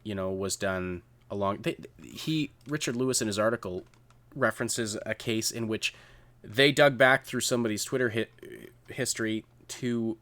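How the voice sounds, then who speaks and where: A man co-hosting a podcast, making quick, pointed arguments in casual commentary. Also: fairly low pitch, a bit bright, no room sound. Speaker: podcast co-host.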